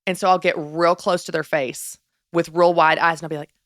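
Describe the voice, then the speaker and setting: A woman hosting a faith-based parenting podcast, chatting in an upbeat, lively way and laughing often. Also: lowish voice, brisk, dry recording, clean studio sound. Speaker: podcast host.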